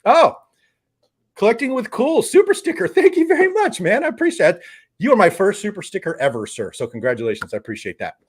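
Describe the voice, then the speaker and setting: A man hosting a live fan stream, reading out chat comments and reacting with excited outbursts. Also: sits high, fast talker, breathy edge. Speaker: host of a live fan show.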